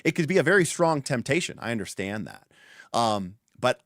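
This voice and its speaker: A man hosting a livestream in casual chat. He talks in an animated, rambling way full of restarts and fillers. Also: mid-range voice, moderate pace, no echo, clean studio sound. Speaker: livestream host.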